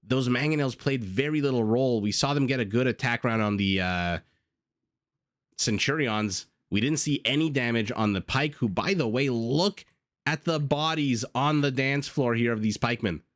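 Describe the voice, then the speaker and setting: A man casting a strategy video game, reviewing the match in a chatty, self-deprecating way with frequent filler pauses. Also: medium pitch, no room sound, clean studio sound. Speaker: game caster. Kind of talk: post-game esports commentary.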